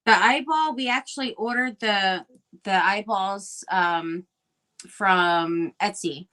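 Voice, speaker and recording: A middle-aged woman appears as a guest on a crafting livestream, chatting casually while she crafts and rambling with lots of fillers and restarts. Her voice is medium in pitch, slow, pushed and bright.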